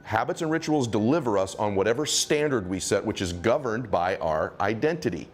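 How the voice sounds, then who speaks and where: A man's voice: fairly low pitch, lively intonation, brisk. A man giving motivational answers in an interview, speaking emphatically in punchy, repetitive phrases.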